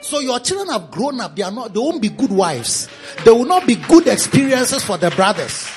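A pastor preaching a sermon in a teasing, repetitive style. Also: male voice, very high voice, sing-song, normal speed, soft background music.

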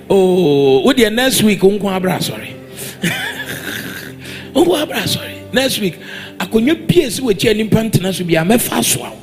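A man with a Ghanaian accent preaching a sermon in a church, exhorting the congregation and demanding they answer back. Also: high-pitched. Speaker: pastor.

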